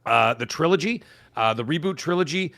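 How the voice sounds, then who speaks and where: A middle-aged man co-hosting a podcast, chatting casually and rambling excitedly with lots of fillers. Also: fairly high pitch, fairly quick, creaky, no room sound, clean studio sound. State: hiccups. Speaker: podcast co-host. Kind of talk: casual chat.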